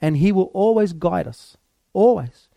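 A man's voice: sits high, lively intonation, a little slow, gravelly, warm tone, dry recording. A male preacher delivering a sermon, emphatic and repetitive, building force on key phrases.

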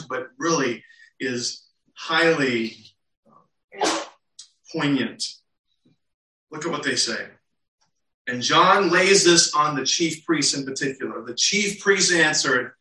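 A pastor preaches a sermon, teaching earnestly and posing rhetorical questions to the congregation. His voice is a little high and sharp in tone, delivered at a measured pace. The recording sounds roomy and distant.

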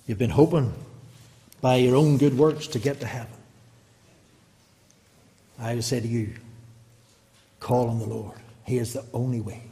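A man delivers an impassioned evangelistic sermon at a mid-range pitch. He presses his listeners with repeated rhetorical questions. His voice rings out with a long reverb in a church hall. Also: warm tone. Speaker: preacher.

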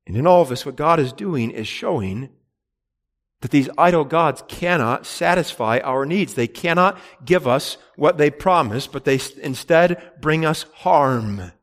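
A man's voice: fairly high pitch, animated, unhurried, long reverb tail. A man preaching a sermon in an earnest, emphatic way, with repeated phrases and rhetorical questions. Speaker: pastor.

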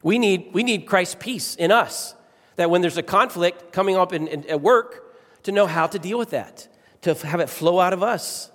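A man's voice: high voice, normal speed, fairly bright tone. A middle-aged man preaching a sermon to his congregation, emphatic and repeating key phrases as he shifts his pace and volume. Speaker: pastor. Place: church sanctuary. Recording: long reverb of a church hall.

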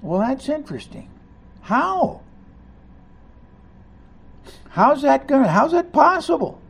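A man preaching a sermon, reading scripture aloud and commenting on it, rising to loud emphasis on key lines. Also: very high voice, sing-song, normal speed, vocal fry. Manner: reads scripture aloud and comments between passages.

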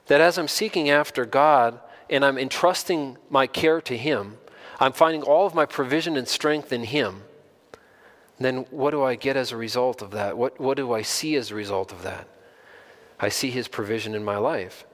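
Male pastor, mid-pitched and earnest, preaching a sermon with strong emphasis in a reverberant hall. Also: normal speed, fairly bright tone. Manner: earnest, stresses key phrases, rises when emphatic.

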